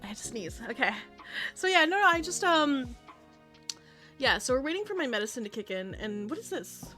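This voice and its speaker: A woman livestreamer chatting casually with her viewers, excitable and chatty, swearing often. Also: high voice, fairly quick, faint music behind. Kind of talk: casual live-stream chat.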